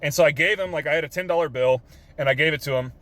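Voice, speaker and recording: A man's voice: a little high, fast talker, a bit bright. Earnest young man venting. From Texas. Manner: earnest, emotional, swears casually, lots of fillers. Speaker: vlogger. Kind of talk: casual heartfelt storytelling. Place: parked car.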